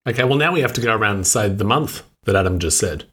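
Husky-voiced Australian man, dry and clipped. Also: on the low side, lively intonation, quick pace, a bit bright. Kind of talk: casual podcast chat.

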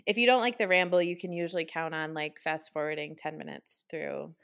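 A woman's voice: sits low, fairly even intonation, gravelly, a bit bright. A young woman with an upstate New York accent, co-hosting a podcast in casual, rambling chat full of "like". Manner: rambling, fast asides, lots of "like". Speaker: podcast co-host.

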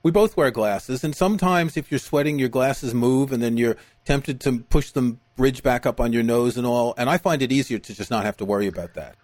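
A man's voice: mid-range voice, fairly quick, few pauses, no room sound. A man hosting a podcast, reading listener questions and prompting his guest in an easygoing way. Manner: relaxed, prompting, small restarts. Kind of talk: casual podcast chat. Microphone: video call.

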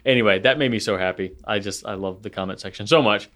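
A man co-hosting a podcast in casual chat, telling stories with animated delivery, often laughing and tripping over his words. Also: fairly low pitch, fast. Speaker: podcast co-host.

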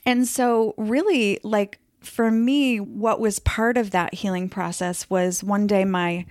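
A woman's voice: medium pitch, fairly even intonation, takes it slowly, a little mellow, dry recording, clean studio sound. Chatty woman telling a personal story. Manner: chatty, many fillers, acts out quoted voices. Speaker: podcast guest telling her story. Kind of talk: casual interview storytelling.

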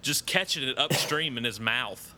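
A man's voice: mid-range voice, lively intonation, normal speed, bright, forceful tone, slight background noise. A man hosting a podcast, chatting casually and teasing his guest with frequent laughs. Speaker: podcast host. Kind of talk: casual joking chat.

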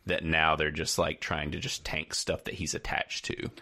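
A man's voice: very deep voice, flat delivery, moderate pace, pushed and bright. A man hosting a casual movie chat, reading out reviews with laid-back, wry asides.

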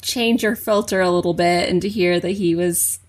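A woman's voice: fairly low pitch, steady tone, moderate pace. A woman co-hosting a casual chat show, reacting to the story and restarting her sentences as she thinks aloud. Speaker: podcast co-host reacting.

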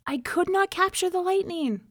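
A woman's voice: very high voice, animated, normal speed, a bit bright, no echo, studio quality, voice pushed up. A woman voicing a humble, kind young male fisherman in a storybook reading, earnest and plain-spoken. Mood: crying out. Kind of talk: storybook narration.

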